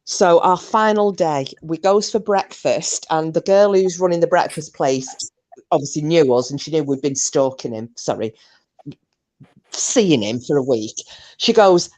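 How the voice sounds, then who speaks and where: A woman co-hosting a casual chat, telling a story with animated delivery and plenty of swearing. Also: sits low, measured pace, no room sound. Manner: animated, swearing, shrieking when acting out herself. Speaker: co-host.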